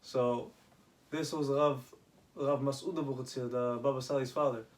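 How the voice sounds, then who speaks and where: A man casually retelling rabbinic stories, halting, with many restarts and Hebrew terms. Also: mid-range voice, steady tone. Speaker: storyteller.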